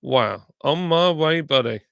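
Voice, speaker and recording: Gravelly man reading live chat. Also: fairly high pitch, animated, takes it slowly, a bit bright, no room sound. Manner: chatty, reads viewer comments aloud, thanks subscribers. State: sore tongue. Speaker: livestream host. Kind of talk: casual live-stream chat reading comments.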